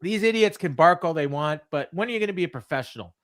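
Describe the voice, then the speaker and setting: A smug, sneering wrestling villain, as a man puts him on barks insults in a raised, nasal-high register. Each line comes out loud and taunting. The sound is dry and close. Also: animated, fast talker, no room sound. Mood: mocking. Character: cocky, mocking male wrestling heel on the mic.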